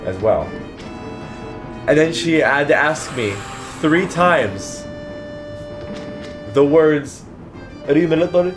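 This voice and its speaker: A man's voice: fairly high pitch, lively intonation, extremely slow, pauses often. Man ranting profanely over game music. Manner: profane, exasperated storytelling. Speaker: let's play co-host. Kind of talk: casual ranting story over gameplay. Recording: game music playing underneath.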